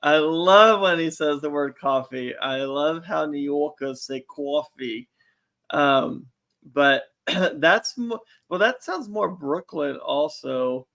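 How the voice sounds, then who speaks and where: A man's voice: on the high side, takes it slowly, vocal fry, a bit bright. A man co-hosting a casual chat show, easygoing and plainly retelling conversations. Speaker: co-host.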